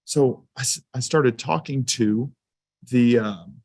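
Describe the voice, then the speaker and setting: A man of middle pitch gives a school safety presentation, mixing guidance with personal stories. He talks casually, with plenty of "um"s and small restarts. The sound is dry and close, with hardly any room in it. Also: slow pace, a little mellow, no room sound. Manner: conversational storytelling with fillers. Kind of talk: anecdotal presentation to a council.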